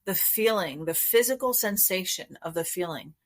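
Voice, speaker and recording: A woman therapist, a guest on a podcast interview, explaining her approach in a calm, measured way. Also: lowish voice. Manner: calm, measured, explanatory, acts out inner voices.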